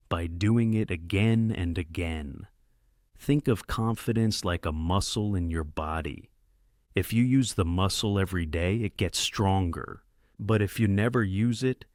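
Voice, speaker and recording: A podcast host and English teacher with a fairly low, slightly mellow voice delivers a scripted beginner lesson very slowly and carefully. He speaks clearly and encouragingly, addressing the listener directly, in a dry, close recording with no echo or room sound.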